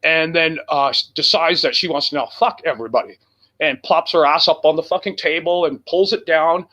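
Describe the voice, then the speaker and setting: A man telling a profane, animated road story as a guest on a casual talk show. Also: a little high, fairly quick. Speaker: guest musician.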